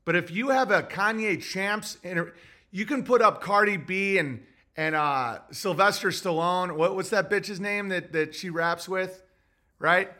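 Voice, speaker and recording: A man's voice: high voice, measured pace, sharp tone. A man hosting a podcast, delivering a rambling, profane, agitated commentary monologue full of restarts. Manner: profane, agitated ranting with restarts and mock voices. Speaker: podcast host.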